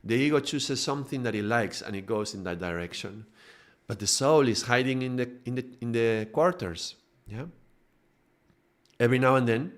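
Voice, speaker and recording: A man's voice: medium pitch, moderate pace. A man giving a live spiritual talk, building extended metaphors and often checking in with tag questions. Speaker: spiritual teacher.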